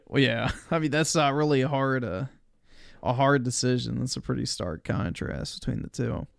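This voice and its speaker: A man's voice: mid-range voice, normal speed, vocal fry, pauses often, no room sound, studio quality. A man streaming live, reacting to a video with crude, mocking, blunt commentary to his chat. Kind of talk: casual livestream commentary.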